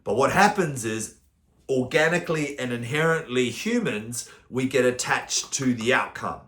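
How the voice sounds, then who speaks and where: A man's voice: mid-range voice, normal speed, a bit bright, echoey room. A man, working as a mental performance coach and giving a motivational talk through casual stories with the odd swear word. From New Zealand. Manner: casual storytelling, occasional swearing.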